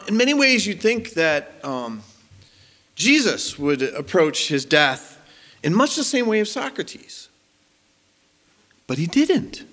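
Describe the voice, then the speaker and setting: A man preaching a sermon as pastor, animated and rising to emphasis. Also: high voice. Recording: long hall reverb.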